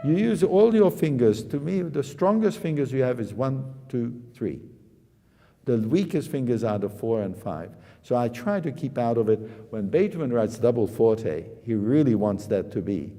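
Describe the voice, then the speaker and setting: A man's voice: mid-range voice, expressive, normal speed. A male piano teacher coaching a student in a master class, speaking emphatically and singing phrases on pa and da syllables. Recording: long reverb of a hall with loud piano. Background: piano playing.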